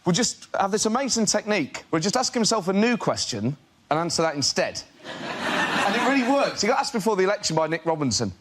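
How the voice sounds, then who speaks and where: A man doing a stand-up routine on a panel show, telling stories in an animated way. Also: sits high, fairly quick, a little hiss or hum. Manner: animated storytelling with impressions. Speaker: comedian.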